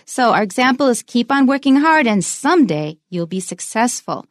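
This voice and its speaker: A woman teaching English pronunciation, saying example sentences slowly and with emphasis. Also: fairly high pitch, big pitch swings, dry recording, clean studio sound. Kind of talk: bilingual English lesson.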